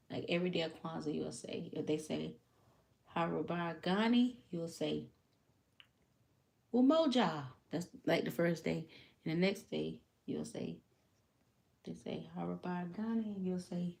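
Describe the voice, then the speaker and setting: A woman's voice: low voice, gravelly, a little mellow. A woman livestreaming a craft session, chatting casually with viewers as she works. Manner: chatty, talks while working, addresses viewers as y'all.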